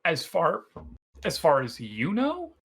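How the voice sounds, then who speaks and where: A man narrating a tabletop game as dungeon master in a relaxed, conversational way. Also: a little high, slow, husky.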